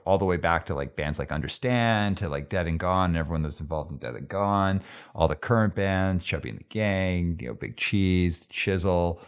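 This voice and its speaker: A man hosting a casual interview podcast. His voice is very low, and his manner is easygoing and upbeat, with a steady scatter of likes. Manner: laid-back, upbeat, says like often. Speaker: podcast host.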